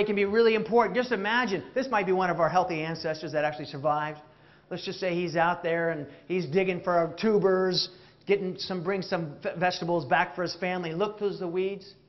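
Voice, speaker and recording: High-voiced man giving a jokey keynote. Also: brisk, lo-fi sound. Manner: animated, jokey, questions the audience. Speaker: keynote speaker. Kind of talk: interactive motivational keynote. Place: stage before a live audience.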